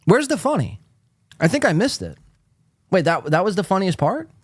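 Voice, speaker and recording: Male podcast host, snarky reaction commentary, lively high-ish delivery. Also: moderate pace, breathy edge, dry recording, clean studio sound. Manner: sarcastic, profane, rambling. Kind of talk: casual commentary.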